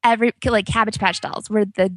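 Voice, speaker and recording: A woman in her forties, a book author chatting as a guest and telling a family story in an animated way. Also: mid-range voice, brisk, no echo. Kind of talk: casual storytelling.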